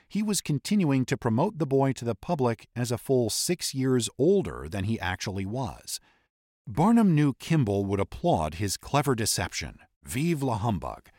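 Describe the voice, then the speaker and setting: A man's voice: mid-range voice, a little mellow, dry recording, studio quality. A man narrating a history podcast in a scripted, explanatory storytelling manner.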